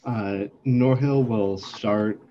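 A man playing in a tabletop role-playing game, speaking in a low-key, measured way. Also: mellow. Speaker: player. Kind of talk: casual tabletop game play. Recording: dull lo-fi mic with faint hiss.

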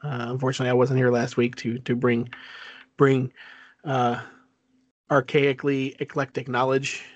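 A man co-hosting a casual podcast, telling stories in a halting way, full of fillers and restarts. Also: medium pitch, completely flat delivery, muffled recording. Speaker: podcast co-host. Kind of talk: casual chat.

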